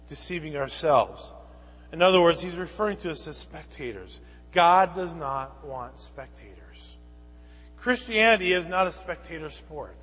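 A man preaching a sermon as pastor, swinging between loud bursts and hushed asides. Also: sits high, big-room sound, rough recording.

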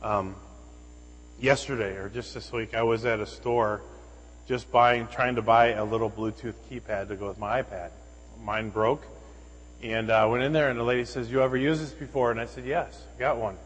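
A pastor preaching a sermon, telling stories in an animated way and acting out the voices of the people he quotes. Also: fairly low pitch, normal speed, breathy edge, in a large hall, poor audio. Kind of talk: sermon with storytelling.

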